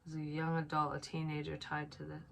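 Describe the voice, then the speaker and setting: A woman with a notably low voice talks through a psychic reading off the cuff. She speaks softly and hesitantly, restarting her sentences and dropping the odd swear word. A faint hiss sits under the recording. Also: monotone, a little fast, gravelly. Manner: hesitant, musing aloud with frequent restarts; soft and low-key, swearing casually. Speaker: psychic medium. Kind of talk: unscripted psychic reading monologue.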